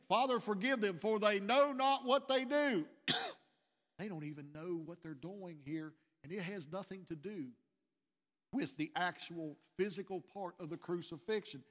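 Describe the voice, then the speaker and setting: Earnest preacher in a reverberant church. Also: male voice, fairly high pitch. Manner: earnest preaching, repeating phrases, swelling louder on key lines. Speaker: pastor. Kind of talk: sermon. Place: church sanctuary.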